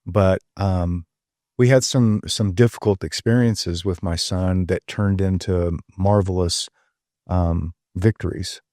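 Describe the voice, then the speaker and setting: An older man talks in a deep, mellow voice. He tells stories earnestly and folksily, pausing on ums. The sound is dry and close. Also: steady tone, no room sound. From Tennessee. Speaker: guest. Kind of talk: casual storytelling interview.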